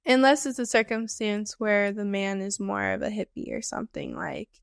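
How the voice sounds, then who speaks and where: A woman's voice: mid-range voice, normal speed, vocal fry, clean tone, no room sound, clean studio sound. A woman co-hosting a podcast, chatting casually in a laid-back, drawling way. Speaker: podcast co-host.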